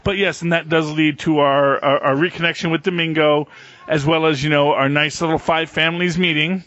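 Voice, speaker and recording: A man's voice: fairly high pitch, fairly even intonation, brisk, a bit bright, no echo. A man co-hosting a podcast in casual chat, rambling with many fillers and restarts. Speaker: podcast co-host. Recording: dull lo-fi podcast audio, dry.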